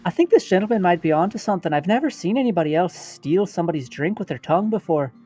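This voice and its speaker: A woman's voice: lowish voice, animated, quick pace, mellow, husky. A woman playing a genteel, polite lady in a tabletop game, with faint guitar music behind. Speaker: player voicing a genteel lady. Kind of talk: in-character tabletop role-play.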